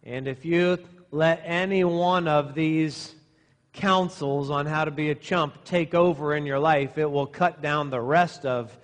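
A middle-aged male pastor preaching to young men, using sarcasm and exaggeration to make his point. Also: medium pitch. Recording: long reverb in a hall.

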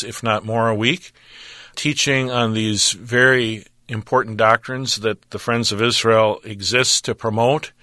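Man, ministry representative, earnest, measured, preacherly, bright forceful tone, dry recording. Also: fairly low pitch, no room sound. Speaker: ministry representative, Bible teacher. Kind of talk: radio interview about his ministry.

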